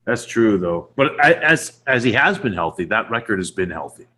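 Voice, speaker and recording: A man's voice: fairly low pitch, sing-song, moderate pace, sharp tone. A man hosting a sports podcast in casual chat, laughing often and steering the talk to the next game. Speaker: podcast host leading the segments.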